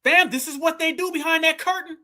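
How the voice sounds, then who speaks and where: A man's voice: extremely high pitch, steady tone, quick pace, pushed and bright. A man hosting a reaction commentary, talking fiery and preachy and calling his listeners family. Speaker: commentary channel host.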